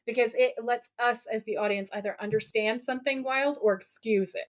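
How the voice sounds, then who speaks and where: A woman co-hosting a casual podcast, recapping a TV episode in an animated, profane way and dropping into a gruff low voice for quoted lines. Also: fairly quick. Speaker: podcast co-host.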